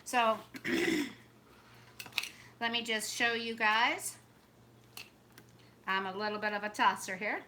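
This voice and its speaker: A woman with a drawl talks her viewers through a home cooking demo in a bright, chatty way. Her voice sits a little high. Frying food sizzles clearly in the kitchen behind her. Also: fairly even intonation, slow pace, pauses often. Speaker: cooking vlog host. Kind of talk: casual cooking demonstration. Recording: noisy kitchen with sizzling pan.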